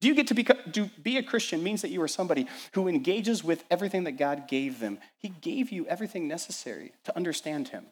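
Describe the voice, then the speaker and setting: Energetic preaching pastor, man. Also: fairly high pitch, fast, few pauses. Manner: energetic preaching with rhetorical questions and repeated lists. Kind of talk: sermon. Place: church.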